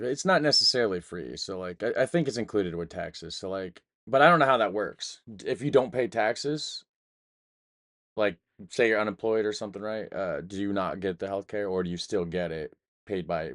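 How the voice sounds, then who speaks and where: American man, very low voice, hesitant casual commentary, trails off. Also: a bit bright. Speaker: reaction video host.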